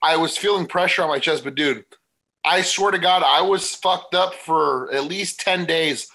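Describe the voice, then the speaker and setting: A man's voice: on the high side, moderate pace, creaky, bright, forceful tone, low-quality recording. A man who is a bodybuilding guest on a casual podcast, talking bluntly, swearing casually and often restarting his sentences.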